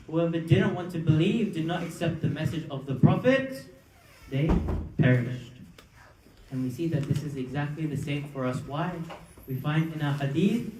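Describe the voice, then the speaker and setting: A man's voice: fairly high pitch, warm tone, a little hiss or hum. A man giving a religious sermon at a live gathering, telling a story in an earnest preaching manner and asking rhetorical questions. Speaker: majlis speaker. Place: gathering hall at a live majlis. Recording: echoey hall from far off.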